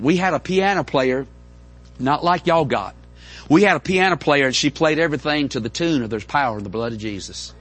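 A middle-aged man, preaching a folksy, animated storytelling sermon to a congregation. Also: mid-range voice. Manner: folksy, animated, with repeated stammering restarts. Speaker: pastor. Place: church in front of a congregation.

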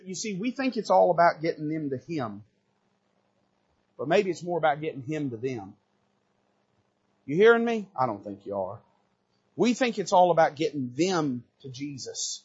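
A man preaching a sermon from the pulpit, swinging from hushed to shouting. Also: sing-song, normal speed, long pauses, husky, muffled recording. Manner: preaching with big swings in pitch and loudness, rising to shouts. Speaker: pastor. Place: church sanctuary.

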